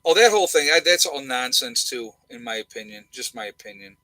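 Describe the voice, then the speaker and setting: A middle-aged American man co-hosts a casual, opinionated livestream, speaking bluntly and repeating his points for emphasis. His medium-pitched voice is expressive, a little fast, pushed and bright. There is no echo, but the audio is poor.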